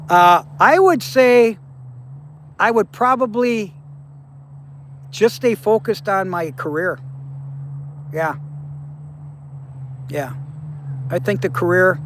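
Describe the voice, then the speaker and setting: A man's voice: sits high, lively intonation, extremely slow, long pauses, fairly bright tone, a little hiss or hum. A man in his seventies talking casually to viewers on a livestream, blunt and profane, handing out life advice. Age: 70s. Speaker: livestream host.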